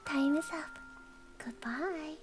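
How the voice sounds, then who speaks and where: A woman streamer doing whispered conversational ASMR, giggly and teasing, dropping between soft whispers and short voiced words. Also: high-pitched, slow. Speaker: VTuber streamer. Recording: soft music playing behind.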